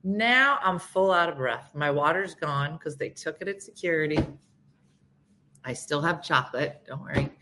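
A woman's voice: deep voice, normal speed, slight background noise. A woman as a guest on a talk show, casually telling a comic story and acting out the people in it. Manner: animated, acts out quoted people.

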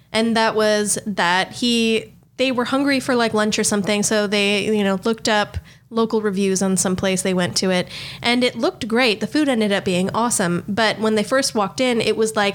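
A woman's voice: mid-range voice, moderate pace. A woman in casual chat as a podcast co-host, rambling chattily through opinions and stories.

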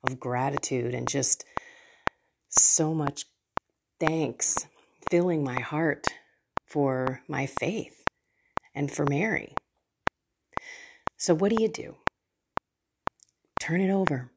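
A woman's voice: low-pitched, vocal fry, heavy background noise. A middle-aged woman sharing a heartfelt personal reflection on faith and trust, speaking earnestly to her viewers. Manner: earnest, heartfelt, slow and soft at times. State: tearful at moments. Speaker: faith coach and host. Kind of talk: personal spiritual reflection to camera.

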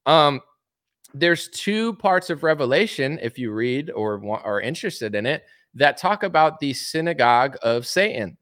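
A man's voice: mid-range voice, fairly bright tone, dry recording, studio quality. A man hosting a casual opinion commentary, talking bluntly and asking one rhetorical question after another. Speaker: commentary show host.

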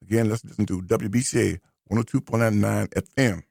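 Male talk radio host, gravelly and husky, preachy and emphatic. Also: fairly low pitch, steady tone, brisk, a little mellow, dry recording, clean studio sound. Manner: emphatic and preachy, repeats key phrases for stress. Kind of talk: opinionated radio commentary monologue. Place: radio studio.

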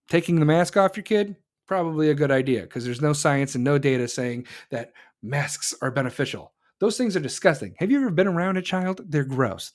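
A man in an angry, profane political rant, often mocking others in a high voice. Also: a little mellow.

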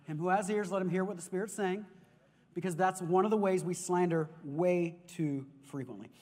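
A man preaching a sermon as pastor, telling stories in an animated way and often repeating words as he goes. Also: sits high, normal speed. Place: church sanctuary. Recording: long reverb of a large hall.

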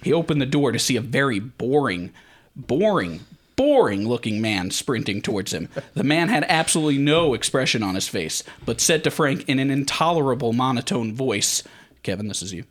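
A podcast host narrates a crude comedy skit, with a lively voice that rises and dips across each line. He swears freely and laughs into his own jokes. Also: medium pitch, moderate pace. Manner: joking, swearing, laughing into lines.

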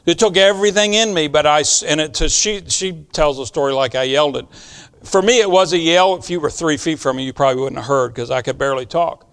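A man with a high voice preaching from the pulpit. He talks earnestly and with emphasis, dropping to a hush and then rising again as he drives home his point. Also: brisk, clean tone. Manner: earnest, emphatic storytelling with sudden soft and loud swings. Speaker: pastor. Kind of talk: sermon.

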